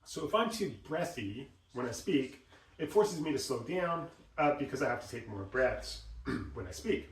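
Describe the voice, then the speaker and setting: A man teaching voice exercises, explaining and acting out examples in an animated way. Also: medium pitch, moderate pace. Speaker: voice coach. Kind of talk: instructional talk with demonstrations. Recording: roomy sound, mic at a distance.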